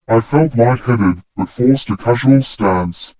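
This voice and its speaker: A man reading a first-person story in a plain, steady way. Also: mid-range voice, slow, few pauses, dry recording. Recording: dull, dry lo-fi recording.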